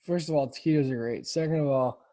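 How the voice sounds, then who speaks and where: A young man co-hosting a casual podcast, riffing with slangy opinions and quick asides. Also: mid-range voice, mellow. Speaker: podcast co-host. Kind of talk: casual chat.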